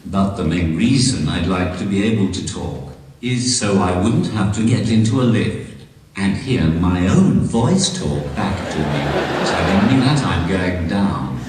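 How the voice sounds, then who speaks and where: A man doing stand-up comedy through a text-to-speech device, deadpan and synthetic, live in a large concert hall. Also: low voice, a little slow. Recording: echoey hall from far off, faint noise.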